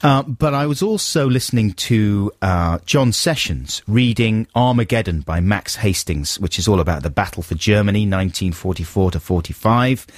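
A man's voice: fairly low pitch, lively intonation, normal speed, few pauses, no room sound, clean studio sound. Chatty man in an enthusiastic talk. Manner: chatty, enthusiastic, with frequent restarts. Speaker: podcast co-host. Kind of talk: casual chat.

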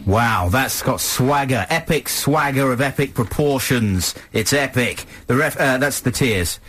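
A man co-hosting a radio show, making dry deadpan jokes. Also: medium pitch, measured pace, faint music behind. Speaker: radio co-host. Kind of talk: casual radio chat. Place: radio studio.

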